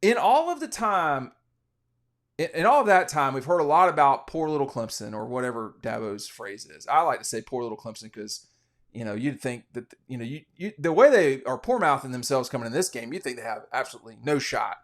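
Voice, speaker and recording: A man's voice: medium pitch, lively intonation, fairly quick, a bit bright. A man hosting a casual college football podcast, giving rambling, opinionated betting commentary with frequent restarts. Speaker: sports podcast host.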